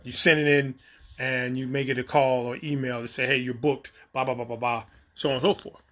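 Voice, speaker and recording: A man casually telling a story from his time on set, lively and acting out the exchanges. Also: mid-range voice, brisk. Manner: animated, acts out quoted exchanges. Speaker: storyteller recounting a set experience.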